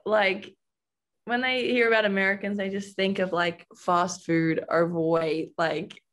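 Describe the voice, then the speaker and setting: A young woman with an Australian accent chats loosely in an interview, her voice sitting at an ordinary middle pitch. She laughs easily and strings her thoughts together with "like". She sounds relaxed and unguarded. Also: unhurried. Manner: chatty, laughs often, says "like" a lot. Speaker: college basketball guard. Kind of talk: casual interview chat.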